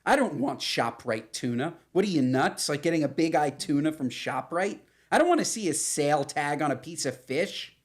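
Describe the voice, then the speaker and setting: Woman, 30s, co-host, playful and rambling, very lively pitch. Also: normal speed, few pauses. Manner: animated, rambling, playful teasing. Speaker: podcast co-host. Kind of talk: casual chat.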